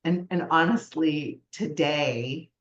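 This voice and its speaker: A woman co-hosting a casual podcast chat, talking through a story with frequent pauses. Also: deep voice, reverberant, lo-fi sound, a little hiss or hum. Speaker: podcast co-host.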